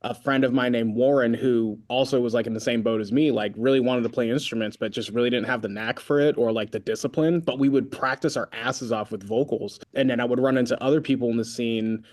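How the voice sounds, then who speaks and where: This man, a singer in a band and originally from Concord, California, talks a little fast in a mid-range voice, rarely stopping. As a guest in a relaxed interview, he rambles through lively stories stuffed with filler words.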